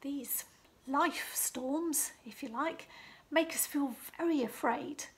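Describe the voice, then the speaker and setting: A woman leading a children's liturgy, telling a Bible story slowly and expressively, often dropping into a hushed whisper and asking the children questions. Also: high voice. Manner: asks the listener questions, slow and expressive.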